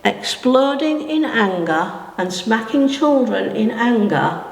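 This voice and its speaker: An older woman, giving a sermon in a slow, chatty, folksy way with asides to her listeners. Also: on the high side, lively intonation, vocal fry. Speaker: preacher. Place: church hall. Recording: echoey hall with long reverb.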